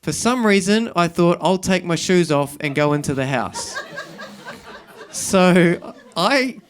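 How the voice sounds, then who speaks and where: A man's voice: sits high, expressive, slow pace, a little hiss or hum. A middle-aged man with a New Zealand accent, doing self-deprecating stand-up storytelling on stage at a live show and acting out scenes. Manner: rambling, self-deprecating, acts out scenes, breaks into shouting. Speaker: stand-up comedian.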